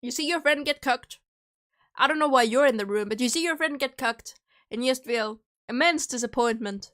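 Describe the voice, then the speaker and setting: Young woman, higher voice, casual livestream chat, rambling, joking, munching candy. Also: moderate pace, a bit bright. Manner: rambling, joking, chewing candy while talking. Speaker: streamer.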